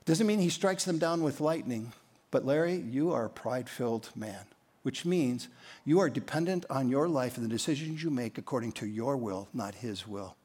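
A middle-aged man preaching a sermon as pastor, earnest, with emphatic rises and soft drops. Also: mid-range voice, lively intonation, moderate pace, slightly rough.

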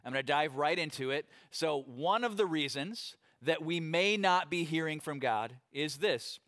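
A middle-aged pastor delivers a sermon in a fairly high voice. He preaches conversationally and tells stories with lively acted-out quotes. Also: moderate pace, few pauses.

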